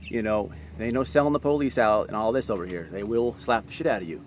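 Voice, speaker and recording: A man's voice: fairly low pitch, fast talker, slight background noise. A man vlogging to camera, telling stories from his own life in a blunt, streetwise, profane way. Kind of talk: casual storytelling to camera.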